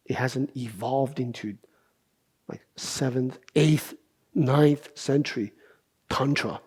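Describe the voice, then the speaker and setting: A middle-aged man gives a dharma talk as a meditation teacher, taking his time. His voice is mellow and a little husky. He keeps checking in with his listeners by asking "right?". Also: mid-range voice. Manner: unhurried explaining, with rhetorical questions and frequent "right?".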